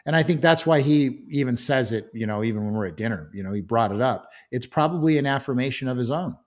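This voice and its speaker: A man's voice: mid-range voice, expressive, fast. A man speaking as a guest in a casual interview, earnest, with frequent restarts and "you know".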